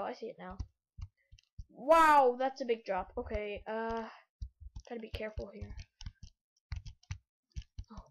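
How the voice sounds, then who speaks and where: A woman giving rambling gameplay commentary, thinking aloud as she plays, on a laptop mic in a room at home. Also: a little high. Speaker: let's play gamer. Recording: dull lo-fi mic, faint hiss.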